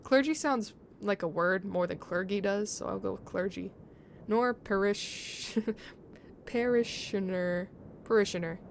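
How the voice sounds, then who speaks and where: A woman's voice: medium pitch, unhurried, creaky, a little hiss or hum. Chatty woman streamer reading aloud. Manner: chatty, laughing, muses on pronunciation. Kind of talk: reading a game's story aloud to chat.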